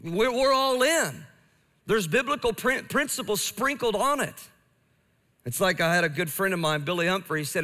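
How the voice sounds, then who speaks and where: Bright-voiced male preacher in a reverberant church. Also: sits high, animated, moderate pace. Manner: earnest, emphatic preaching with repetition. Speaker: pastor. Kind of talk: sermon. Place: church sanctuary.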